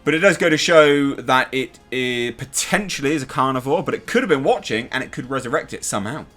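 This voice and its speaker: A man's voice: medium pitch, lively intonation, brisk, a bit bright, soft background music. An English man hosting a TV review channel, talking casually and animatedly, swearing now and then and making sound effects. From England.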